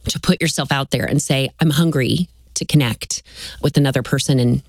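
A woman from Texas, a guest author telling stories in an animated, folksy way on a faith talk show. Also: a bass voice, a little fast, no room sound.

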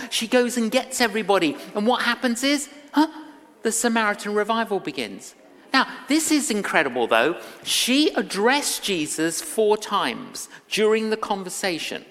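A woman evangelist delivers a sermon in a storytelling way, slipping into the voices of the people in her anecdotes. Her voice sits at a middle pitch and carries a long reverb from a large hall. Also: a bit bright. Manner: storytelling, acting out quoted lines.

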